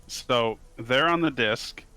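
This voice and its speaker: A man's voice: mid-range voice, slow pace, pushed and bright, clear, resonant tone. A man playing in a tabletop game, playful and pushing for favorable rulings. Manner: playful, wheedling rules questions. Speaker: player. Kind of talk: casual tabletop play.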